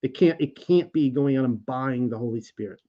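Male host, casual scripture teaching, animated and rambling, slightly dull lo-fi sound. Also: mid-range voice, moderate pace. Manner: casual, animated, stumbles over names and restarts. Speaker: Bible teacher and show host. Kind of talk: informal scripture study, reading and commenting.

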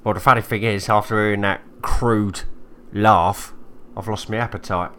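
A man's voice: fairly low pitch, steady tone, normal speed, fairly bright tone, a little hiss or hum. A man playing a tabletop game in blunt, jokey casual chat. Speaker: player. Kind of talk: casual role-play chat.

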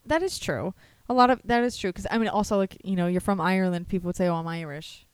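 A woman's voice: medium pitch, quick pace, clear, resonant tone, no room sound. Young American woman, podcast co-host, playful and teasing, laughs often, dry close sound. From United States. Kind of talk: casual chat.

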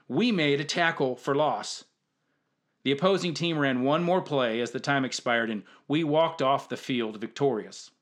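A man with a medium-pitched voice, who coaches youth football and hosts a storytelling show, recounts a comic story with liveliness and acted-out lines of dialogue.

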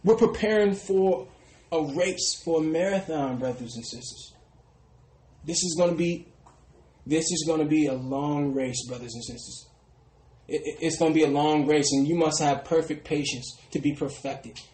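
A man preaching a sermon who often trails off into a soft "brothers and sisters". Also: fairly high pitch, normal speed, echoey room, poor audio. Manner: ends phrases with a dropping, quiet "brothers and sisters". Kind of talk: street sermon.

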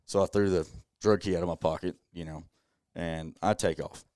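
Deep-voiced man, dry sound. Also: fairly even intonation, normal speed, darkish tone, smooth, dry recording. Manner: earnest, conversational, many "you know"s. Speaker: podcast guest. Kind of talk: personal storytelling, casual.

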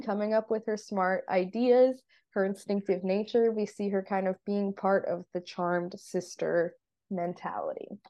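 A woman's voice: medium pitch, mellow. A woman co-hosting a podcast, casually retelling a TV episode scene by scene and chatting with many "like"s. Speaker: podcast co-host.

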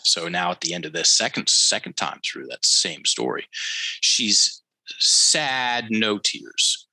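A man with a low, forceful, sharp-edged voice, telling a story as a podcast guest. He leans on key phrases and repeats them for emphasis. He turns to the listeners like a teacher. The sound is dry and close. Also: very animated, slow, dry recording, poor audio. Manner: addresses listeners directly, teacherly. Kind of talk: conversational storytelling.

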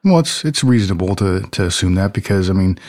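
A man co-hosting a podcast from a room at home on a headset, easygoing and quick to agree. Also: low-pitched, animated, a little mellow. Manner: easygoing, many agreeing fillers. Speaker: podcast co-host. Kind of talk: casual chat.

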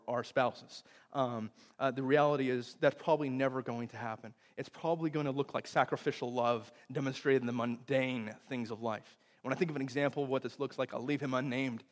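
A young man from Texas preaching a sermon, telling stories with big swings between loud bursts and hushed, tender moments. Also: mid-range voice. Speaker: pastor. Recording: long hall reverb.

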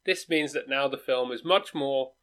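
A man co-hosting a casual film discussion, halting, with frequent repeats and restarts. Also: medium pitch, a bit bright. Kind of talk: casual chat.

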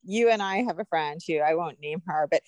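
A woman's voice: lowish voice, fairly quick. A woman from New Jersey co-hosting a podcast in casual chat, laughing often. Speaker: podcast co-host.

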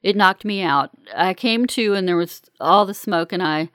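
A woman's voice: medium pitch, moderate pace, no echo, clean studio sound, natural voice. A woman voicing an injured, dazed man trapped in smoke, who speaks weakly and falters between coughs. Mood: shaken.

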